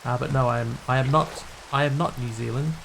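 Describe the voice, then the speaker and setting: A man streaming a building game, talking through what he does and answering questions from viewers in a relaxed, casual way. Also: medium pitch, fairly quick, gravelly, a little hiss or hum. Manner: thinks aloud while building, answering viewers' chat.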